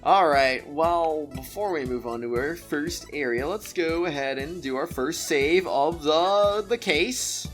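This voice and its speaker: A man's voice: on the high side, measured pace, few pauses. Man ranting animatedly over game music. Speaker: gaming YouTuber. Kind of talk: let's play commentary.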